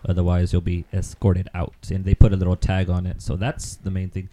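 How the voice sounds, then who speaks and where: A man with a low, very dark voice chats casually on a podcast. He rambles through stories, filling gaps with ums and quick laughs. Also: monotone. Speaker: podcast co-host. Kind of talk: casual chat.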